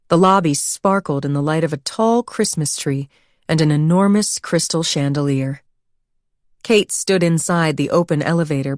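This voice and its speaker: Woman, audiobook narrator, low voice, steady measured reading, dry close recording. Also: dry recording. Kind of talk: scripted narration.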